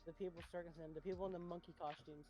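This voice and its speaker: A young man chatting as a podcast co-host, drunk, excitable, swearing and laughing a lot. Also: fairly high pitch, rapid-fire, over music. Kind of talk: casual chat.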